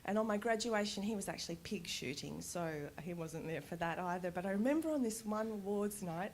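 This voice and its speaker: Animated woman telling stories. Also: medium pitch, fairly quick, slight background noise. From Australia. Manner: animated, laughs often, candid. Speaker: conference speaker. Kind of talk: personal storytelling talk. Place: conference stage.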